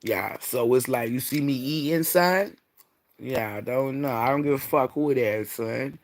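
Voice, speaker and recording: A man chats on his own livestream, speaking into a streaming mic. He rambles from thought to thought, blunt and profane, in a voice of ordinary pitch for a man. It's loose, unscripted chat. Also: a little slow. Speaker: livestream host.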